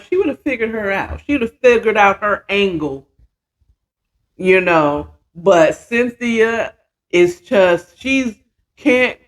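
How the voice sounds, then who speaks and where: Slow, chatty storyteller. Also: mid-range voice, fairly bright tone. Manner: chatty, slangy, voices the characters' lines. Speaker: podcast host. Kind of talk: casual storytelling recap.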